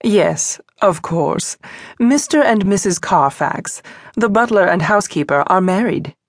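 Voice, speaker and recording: A woman's voice: mid-range voice, expressive, measured pace, no room sound, clean studio sound. A woman narrator voicing a cold, stern suffragist leader who speaks in a clipped, emphatic way, in an audiobook.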